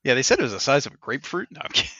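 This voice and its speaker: Bright-toned male podcast host telling stories. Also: mid-range voice, rapid-fire, husky, dry recording, highs cut off. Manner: animated storyteller acting out others' lines with laughs. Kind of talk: casual chat, storytelling.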